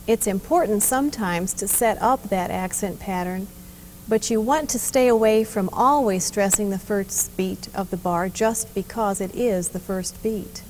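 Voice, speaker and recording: A woman giving scripted instructional narration about hymn playing in a measured, explanatory way. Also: mid-range voice, a little mellow, a little hiss or hum. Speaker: narrator and organ teacher.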